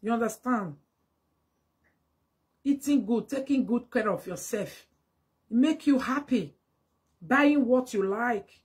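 A woman with a Nigerian accent delivering a mocking, scolding monologue to camera, slipping into Pidgin and breaking into loud exclamations. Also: fairly high pitch, expressive, takes it slowly, pauses often, husky. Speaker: vlogger. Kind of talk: casual direct-to-camera monologue.

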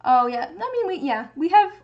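High-voiced woman musing on stream. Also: sing-song, brisk, highs cut off. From United States. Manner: rambling, musing aloud, reading chat. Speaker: livestreamer. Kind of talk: casual crafting livestream chat.

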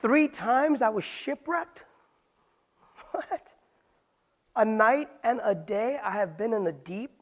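A man's voice: high voice, slow pace. A man preaching in a Bible study sermon, asking rhetorical questions and using casual street slang. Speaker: pastor.

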